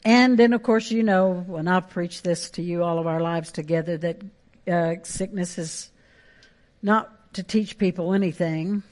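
A woman's voice: lowish voice, measured pace, a little mellow. A woman pastor, preaching a sermon with emphatic, repeated phrases.

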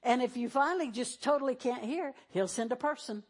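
A middle-aged woman pastor with a high, bright, slightly rough voice preaches at a fairly quick pace. She talks conversationally to her congregation and acts out the voices she quotes.

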